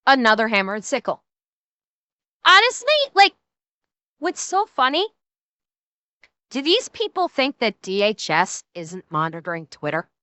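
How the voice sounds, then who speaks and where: A woman's voice: fairly high pitch, very animated, a little slow, pauses often, bright, forceful tone, clear, resonant tone, dry recording. A woman streamer delivering a heated, profane political rant, stumbling over restarts and mocking the people she criticizes.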